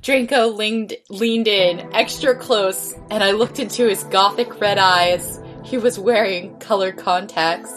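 Young woman, comic co-host, playful reader, mid pitch. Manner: playful, questioning the story. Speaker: podcast co-host. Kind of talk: comic dramatic reading.

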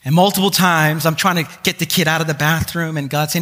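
A man preaching a sermon, telling a personal story in an animated way with self-mocking humor. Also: on the high side, fairly quick. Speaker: pastor. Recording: long reverb of a large hall.

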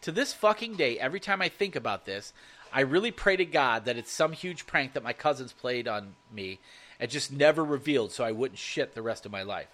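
A man narrating a first-person horror story, swearing freely and telling it with animated energy. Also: medium pitch, brisk.

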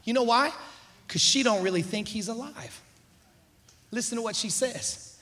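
A man preaching a sermon in a church, emphatic and full of call-and-response, swinging from quiet asides to shouts. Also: sits high, expressive, normal speed, pauses often. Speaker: pastor. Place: church sanctuary.

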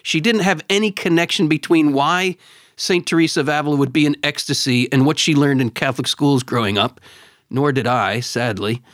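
A middle-aged man co-hosting a podcast, telling stories in an animated way and repeating words when excited. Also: a little high, brisk, dry recording, clean studio sound. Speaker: podcast co-host. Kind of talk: casual chat and storytelling.

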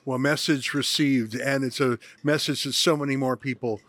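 A man in his fifties who hosts and interviews people at a conference, talking briskly and with emphasis. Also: medium pitch, steady tone, a bit bright. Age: 50s. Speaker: host.

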